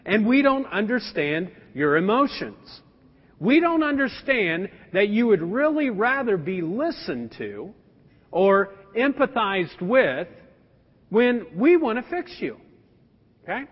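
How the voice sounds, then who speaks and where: A man in his thirties preaching a sermon as a pastor, animated and joking with his congregation. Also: sits high, takes it slowly, husky. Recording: dull sound with long hall reverb.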